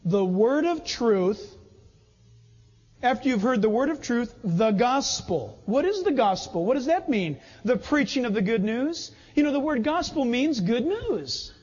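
A man's voice: extremely high pitch, sing-song, a little slow, darkish tone, slightly rough. A man preaching a sermon with emphasis who acts out little everyday scenes. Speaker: pastor. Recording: dull sound in a reverberant hall.

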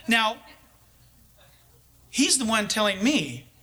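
A male preacher telling a lively personal story during a sermon, chuckling now and then. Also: high-pitched, measured pace, pauses often.

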